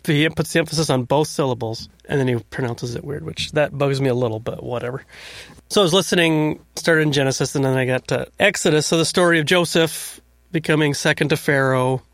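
A man's voice: on the high side, brisk, a bit bright, no echo. A man co-hosting a podcast, chatting casually and laughing often as he talks. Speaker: podcast co-host. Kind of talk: casual chat.

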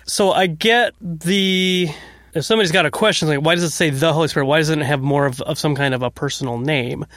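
Chatty podcast guy, laughs a lot, slightly higher voice, dry sound. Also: a little fast, a bit bright, no echo. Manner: chatty, laughs often, paraphrases playfully. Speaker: podcast co-host. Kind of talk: casual chat.

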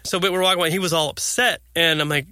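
A man tells a story in an easygoing chat, with a very bright, piercing tone and a voice sitting a bit high for a man. He keeps it animated and laughs often, and the sound is close and dry. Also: fast, clear, resonant tone, dry recording. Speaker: parent of seven boys.

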